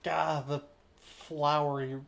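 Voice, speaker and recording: A man's voice: on the high side, level tone, slow, gravelly, fairly bright tone. A man streaming a game and making wry, amused remarks as he plays. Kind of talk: gameplay commentary. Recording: music playing behind.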